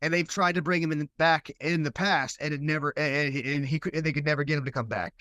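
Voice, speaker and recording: High-voiced man, rambling and hesitant. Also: fairly even intonation, quick pace, sharp tone, dry recording. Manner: rambling, hesitant, restarts often. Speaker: podcast co-host. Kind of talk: casual discussion.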